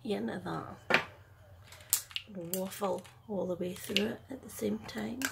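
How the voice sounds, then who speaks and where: A middle-aged Scottish woman and makeup artist chatting casually through a makeup tutorial at home, in a soft, half-whispered, self-deprecating way. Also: medium pitch, steady tone, unhurried, vocal fry, heavy background noise.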